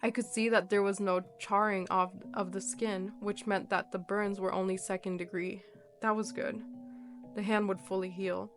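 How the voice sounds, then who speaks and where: A woman reading a horror story aloud in a steady, measured narration. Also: medium pitch, over music.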